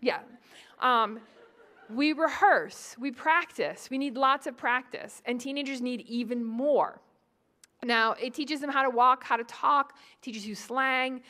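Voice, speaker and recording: Lively woman lecturer with a high voice. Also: measured pace. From New England. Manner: lively, joking asides to the audience. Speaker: psychology professor giving a talk. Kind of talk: conference lecture.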